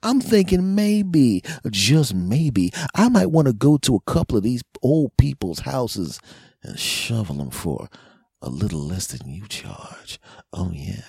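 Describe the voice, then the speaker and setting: A man's voice: medium pitch, sing-song, unhurried, gravelly, darkish tone, slightly rough, no echo, studio quality. A man in his forties hosting a podcast, delivering a comedic rant in a brash, profane, mock-threatening way. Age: 40s. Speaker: podcast host.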